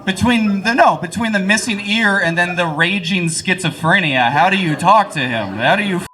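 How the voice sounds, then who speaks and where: A man's voice: high voice, normal speed, bright, forceful tone. A young man doing live stand-up, rambling and self-deprecating and laughing at his own jokes. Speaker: stand-up comedian.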